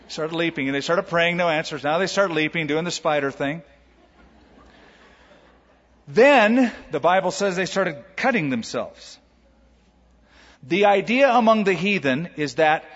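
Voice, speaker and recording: A male pastor delivers a sermon with emphatic, humorous energy in a fairly high voice. The recording is dull and lo-fi, with the long reverb of a large church hall.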